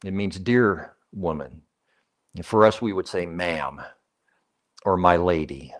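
A man's voice: low voice, slow, pauses often. Conversational male pastor preaching a sermon. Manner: conversational preaching, rhetorical questions to the congregation; emphatic, repeats key phrases.

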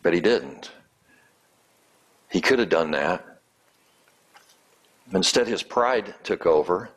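A man's voice: low-pitched, expressive, slow, a bit bright. A man preaching a sermon and acting out quoted lines in changing tones. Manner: acts out quoted lines with shifting tone. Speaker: pastor.

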